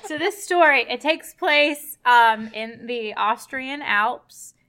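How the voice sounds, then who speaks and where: A woman's voice: sits high, expressive, slow, sharp tone, smooth. A woman hosting a casual chat, retelling an opera plot and laughing often. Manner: laughs often, chatty storytelling.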